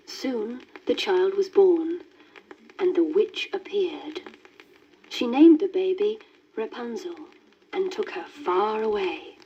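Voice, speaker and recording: A woman reading a children's storybook aloud in a gentle, lilting manner. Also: medium pitch, breathy edge. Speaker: story reader. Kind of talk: scripted storybook narration. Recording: dull worn vinyl record with faint hiss.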